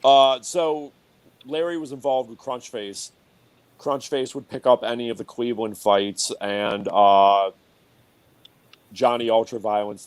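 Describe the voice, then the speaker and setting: A man on a podcast in casual chat, laughing a lot and tossing in quick, profane asides. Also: lowish voice, clear, resonant tone, dry recording. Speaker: podcast co-host. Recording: faint background noise.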